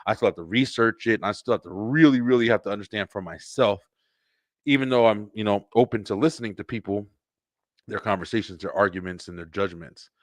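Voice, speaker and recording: A man hosting a webshow, talking in a rambling, profane, animated livestream monologue with lots of fillers and repeats. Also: lowish voice, brisk, dry recording. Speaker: webshow host.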